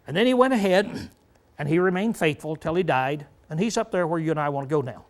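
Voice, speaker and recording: An older man preaching a Bible study sermon in a folksy manner, often clearing his throat and asking the congregation rhetorical questions. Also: fairly high pitch, lively intonation, quick pace.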